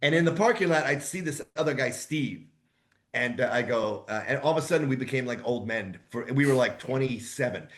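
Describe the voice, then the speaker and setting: A man in his sixties, a voice actor guest telling rambling, lively anecdotes in a casual interview. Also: medium pitch, fairly quick. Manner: rambling, animated anecdotes with asides.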